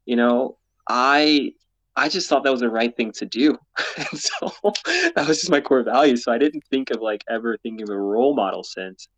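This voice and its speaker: Interviewed as a mountaineer and explorer, a man speaks candidly, earnestly, and ramblingly, laughing often, in a medium-pitched voice at a moderate pace. The lo-fi sound has no echo, recorded on a podcast mic with the camera off.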